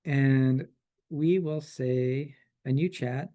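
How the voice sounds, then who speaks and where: Man casually demoing software features. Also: medium pitch, drawn-out words. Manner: relaxed, chatty, many fillers and restarts. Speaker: presenter demonstrating software.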